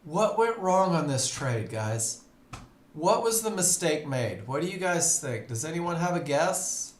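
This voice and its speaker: A man teaching a live trading webinar in a relaxed, conversational way, often putting questions to his audience. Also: on the high side, a little slow, echoey room. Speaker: trading instructor. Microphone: computer mic on a live webinar.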